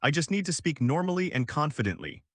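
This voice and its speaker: A man's voice: a little high, big pitch swings, fast talker, fairly bright tone, no room sound, clean studio sound, pitched above the performer's own voice. A man voicing a brash, clumsy young male gamer in a recap story, read plainly. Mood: blunt.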